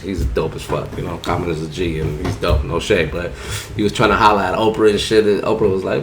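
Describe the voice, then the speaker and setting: A man's voice: sits low, steady tone, a little fast, background noise. A man casually telling a rambling, profane story in heavy slang, often saying "you know what I'm saying". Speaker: barber telling a story on a podcast.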